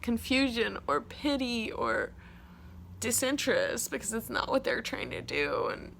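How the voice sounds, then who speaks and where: A young woman talks in a loose, rambling confessional, swearing freely and leaning on "like" as she goes. Her voice sits a little high and carries a gravelly fry, and a faint hum runs underneath. She is outdoors by a street at home, and sometimes she sounds close to tears. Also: big pitch swings, measured pace, a bit bright. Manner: rambling, profane, emotional, with frequent "like". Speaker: podcast host. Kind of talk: casual confessional monologue.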